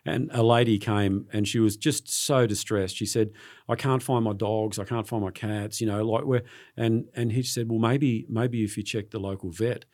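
A man's voice: fairly low pitch, fairly even intonation, darkish tone. Earnest Australian man telling stories. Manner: earnest, halting, repeats words as he recounts. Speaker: sports journalist guest. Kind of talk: casual interview storytelling.

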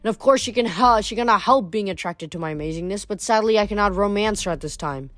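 A woman's voice: medium pitch, fast talker, no room sound, clean studio sound, close to an everyday voice. A woman voicing a vain, commanding winged young warrior in a read-aloud storybook. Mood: haughty. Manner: pompous, commanding.

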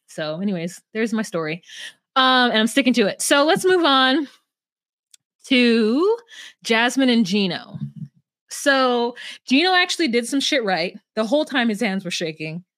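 A woman's voice: fairly high pitch, sing-song, measured pace, fairly bright tone, dry recording. Rambling storyteller woman, dry close sound. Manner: rambling storyteller, acts out quotes. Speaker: podcast co-host. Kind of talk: casual recap chat.

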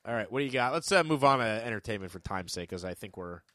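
A man's voice: on the low side, lively intonation, bright, forceful tone, no echo. Male trivia podcast host, casual and joking, dry close mic. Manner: joking, rambling, quick asides. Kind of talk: casual chat.

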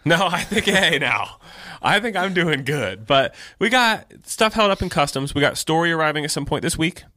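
A man's voice: fairly high pitch, lively intonation, normal speed, sharp tone, no room sound, clean studio sound. A man co-hosting a podcast about his clothing shop, talking in a laid-back way, swearing freely and laughing often. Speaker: podcast co-host and shop owner. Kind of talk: casual chat.

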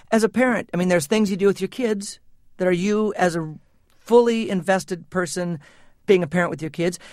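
A man's voice: high-pitched, no echo, studio quality. A middle-aged man, a musician guest, talking thoughtfully and earnestly in an interview and laughing easily. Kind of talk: reflective interview talk.

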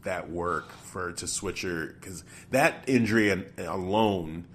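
Man, lowish voice, co-host, casual chat, thinks out loud, restarts a lot. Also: takes it slowly, a little hiss or hum. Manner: thinks aloud, breaks off and restarts sentences.

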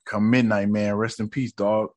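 A man giving casual reaction commentary on a show, excitable and profane, full of slang, sometimes acting out lines. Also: lowish voice, moderate pace. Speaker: reaction video host.

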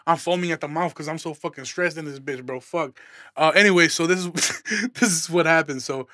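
A man's voice: fairly high pitch, brisk, pushed and bright, no echo, studio quality. A young man from Illinois, a stand-up comedian hosting his podcast, telling a story in a casual, profane, fired-up rant. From Aurora, Illinois, USA.

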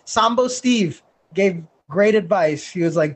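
A man's voice: high voice, lively intonation, unhurried. A man co-hosting a podcast in loose casual chat, swearing freely and laughing often. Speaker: podcast co-host.

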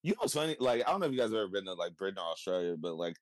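A man from California with a Californian accent, chatting casually in a relaxed way, swearing and laughing a lot. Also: deep voice, rapid-fire, no room sound. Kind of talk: casual chat.

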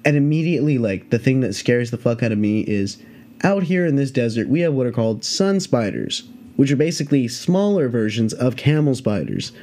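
A man's voice: medium pitch, expressive, brisk, darkish tone. A man hosting a podcast, telling a story in a casual, rambling way full of swearing and fillers. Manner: profane, rambling, filler-heavy. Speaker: podcast host.

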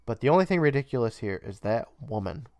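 A man's voice: medium pitch, expressive, fast talker, a little mellow, no echo. A man co-hosting a podcast, recapping a show casually, swearing freely and laughing often. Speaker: podcast co-host.

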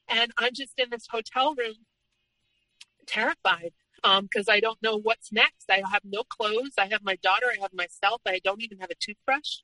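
A young adult woman recounts her own story as a podcast guest, earnest and steady, often in the present tense. Her voice is bright and forceful. The recording is close and dry, with no room sound. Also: mid-range voice, moderate pace, dry recording, rough recording. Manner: earnest, retelling past events in present tense. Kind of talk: personal story told in conversation.

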